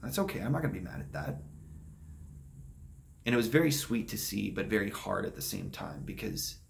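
A young man vlogging, softly telling a painful personal story with halting pauses and restarts. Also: fairly low pitch, very animated, creaky, a little hiss or hum. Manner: soft-spoken, halting and emotional.

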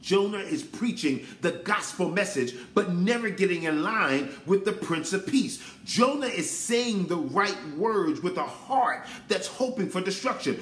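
A man's voice: high-pitched, a bit bright, roomy sound. A man preaching a sermon, emphatic and repetitive, often urging his listeners to listen.

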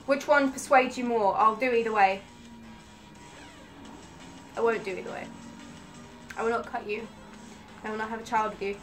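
A woman gamer giving live commentary on her own play, excitable and swearing at rival players. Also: a little high, normal speed, long pauses, faint music behind.

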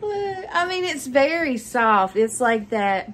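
A woman's voice: fairly high pitch, animated, measured pace, fairly bright tone, slight background noise. A woman, chatting casually at home in a haul vlog, bubbly and gushing to her viewers. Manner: bubbly, gushing, talks straight to viewers as "y'all". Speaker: vlogger. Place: at home, indoors.

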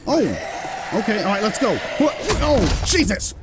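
An excitable British man commenting over a video game. His voice sits high and jumps all over the place. Steady noise runs under the recording. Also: moderate pace. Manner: excitable, swears when surprised. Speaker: gameplay commentator. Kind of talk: let's-play commentary.

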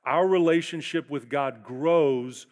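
A male pastor in his forties preaches to a large church, his high, bright voice carrying the story along. He tells it in animated bursts and slips into voicing the people in it. A long reverb hangs behind every line. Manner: animated storytelling, quick bursts and acted quotes. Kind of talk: sermon.

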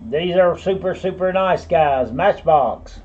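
High-voiced auctioneer man. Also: takes it slowly, darkish tone, highs cut off. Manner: repetitive bid calling, folksy asides. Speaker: auctioneer and host. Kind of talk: live online auction calling.

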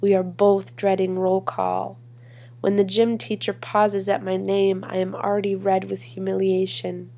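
A woman performing a spoken word poem in a measured, deliberate way with long pauses. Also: medium pitch, monotone, warm tone. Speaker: poetry reader. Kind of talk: spoken word poetry reading.

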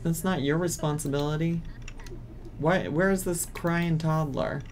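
A man's voice: a little high, fairly even intonation, a little slow, darkish tone, a little hiss or hum. A man streaming a life-sim game, ranting in exasperation at the characters on screen. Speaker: gaming streamer. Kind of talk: casual gameplay commentary.

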